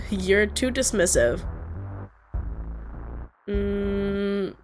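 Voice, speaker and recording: Snarky woman host reading a dating sim aloud, mid pitch. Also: very animated, extremely slow, pauses often, music in the background. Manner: snarky asides and laughs. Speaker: gaming video host.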